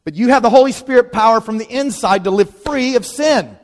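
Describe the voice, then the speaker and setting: A man preaching a sermon in a lively, conversational way, leaning on dramatic pauses. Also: very high-pitched. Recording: long reverb of a large hall.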